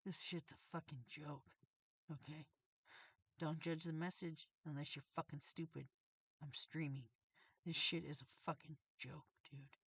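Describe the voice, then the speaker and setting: A woman's voice: sits low, fairly even intonation, unhurried, fairly bright tone, husky, dry recording. A woman reading tarot on a livestream, channeling messages in an agitated, profane, confrontational rant. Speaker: tarot reader and streamer.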